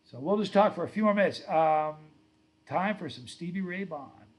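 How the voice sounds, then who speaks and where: Middle-aged male stream host, a bit higher-pitched, loose rambling storyteller who chats with viewers. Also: lively intonation, normal speed. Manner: rambling, reads viewer comments aloud; storytelling, self-correcting. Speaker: livestream host. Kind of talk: casual livestream chat.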